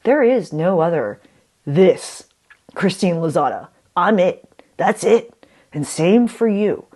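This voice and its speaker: Woman vlogging, kinda low voice, animated storyteller, asks herself questions. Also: slow pace. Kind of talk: casual self-talk vlog.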